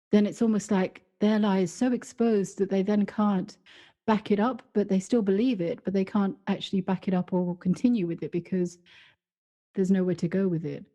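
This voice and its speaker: A woman's voice: medium pitch, mellow. A woman, co-hosting a podcast in casual, reflective conversation and telling stories with frequent laughter. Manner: reflective, storytelling, laughs often. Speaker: podcast co-host.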